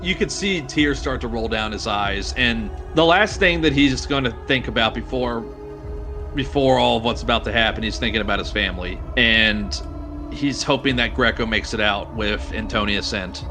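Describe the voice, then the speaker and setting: A man playing a tabletop game, blunt and quick to swear, describing his character's last moments. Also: fairly low pitch, music in the background. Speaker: player. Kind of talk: casual tabletop game chat.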